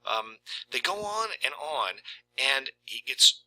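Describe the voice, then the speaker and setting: A man's voice: mid-range voice, sing-song, takes it slowly, pushed and bright, rough recording. A man casually discussing a short story and reading passages aloud. He talks conversationally, with frequent "right?" asides. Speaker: literature video presenter.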